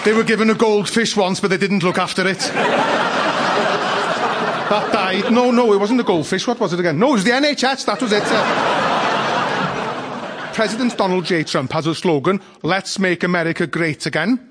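High-voiced North Welsh stand-up comic. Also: male voice, normal speed, long pauses, a loud crowd. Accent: North Wales. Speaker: stand-up comedian. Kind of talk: stand-up routine. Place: stage before a live audience. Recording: live audience noise.

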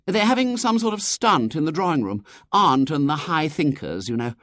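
A woman's voice: deep voice, big pitch swings, moderate pace, a bit bright, no room sound, voice pushed up. Narrator voicing a bored, flippant young girl. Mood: offhand. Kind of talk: audiobook character voice.

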